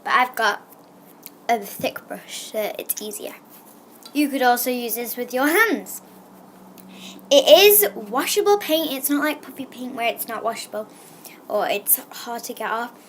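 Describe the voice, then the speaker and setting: A woman's voice: a little high, very animated, measured pace, pauses often, fairly bright tone, a little hiss or hum. A woman casually explaining a craft project step by step, rambling and hesitant, with lots of fillers and restarts. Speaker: craft tutorial presenter. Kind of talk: casual how-to narration.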